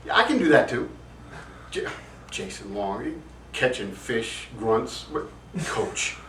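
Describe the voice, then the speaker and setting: A man's voice: mid-range voice, wildly swooping pitch, takes it slowly, a bit bright, slight background noise, full character voice. An amateur actor playing a brash, vain male football receiver who rambles defensively and swears. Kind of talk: amateur spoof acting. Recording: echoey room, distant mic.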